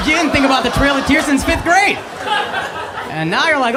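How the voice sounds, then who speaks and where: A man in his thirties doing stand-up comedy, loud, brash and profane, shouting his punchlines. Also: very high-pitched, very animated, normal speed, heavy background noise. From United States. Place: large theater on stage. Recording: live stage recording with loud crowd laughter. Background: loud audience laughter.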